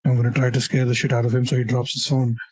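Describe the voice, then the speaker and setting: A player in a tabletop game, talking casually and haltingly through their moves. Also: medium pitch, little pitch movement, loud music behind the voice. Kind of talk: tabletop role-play.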